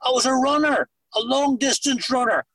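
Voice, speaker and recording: A man's voice: very high voice, normal speed, fairly bright tone, breathy edge, no room sound, low-quality recording. A middle-aged man with a Northern Irish accent, giving earnest personal testimony with dry humor on a video call. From Northern Ireland. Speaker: recovery meeting speaker.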